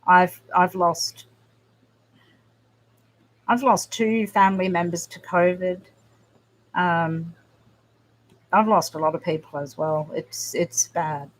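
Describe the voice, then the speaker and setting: A woman with a lowish voice hosts a casual livestream chat, talking straight to her viewers. She speaks softly and haltingly, often restarting her sentences, and her talk stays close to emotion. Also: fairly even intonation. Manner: emotional, halting, soft-spoken with frequent restarts. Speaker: livestream host.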